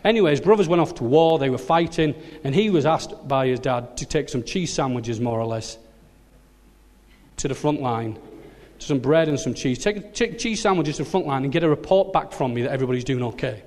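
A male preacher gives his sermon as a lively, joking storyteller. His voice sits at a middle pitch and rings in a long hall reverb. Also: brisk.

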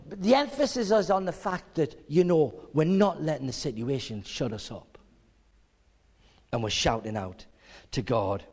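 A high-voiced man preaches with a lively, swooping delivery, playing out scenes and voices as he goes. His voice rings through a hall with a long reverb. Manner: animated, acts out scenes with voices. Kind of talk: sermon.

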